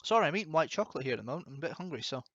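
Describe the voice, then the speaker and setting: A man's voice: on the high side, lively intonation, rapid-fire, a bit bright, dry recording. A man hosting a casual stream, chatty and wry. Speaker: streamer host. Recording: dry, slightly muffled mic.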